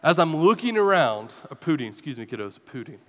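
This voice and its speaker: A man's voice: fairly high pitch, very animated, quick pace, fairly bright tone, big-room sound. A male pastor preaching a sermon, chatty and self-deprecating with his congregation. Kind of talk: sermon with personal story. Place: church sanctuary.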